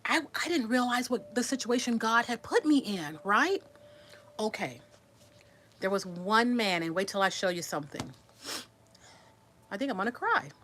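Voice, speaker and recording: Bright-voiced chatty woman in her sixties. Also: a little high, expressive, moderate pace, pauses often, slight background noise. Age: 60s. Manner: chatty, repeats and restarts words, answers comments. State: resting after surgery. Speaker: vlogger. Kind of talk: casual storytelling to viewers.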